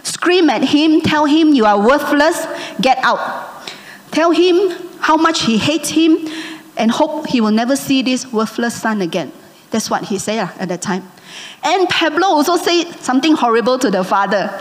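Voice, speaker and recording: A woman's voice: high voice, normal speed. Woman preaching in a big hall. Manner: animated, asks the congregation "okay?" and "amen?". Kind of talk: sermon storytelling.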